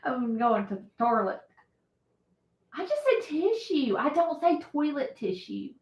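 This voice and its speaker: A woman's voice: high voice, big pitch swings, measured pace. A woman hosting a casual live stream, chatting and laughing often as she answers viewer comments. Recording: roomy echo.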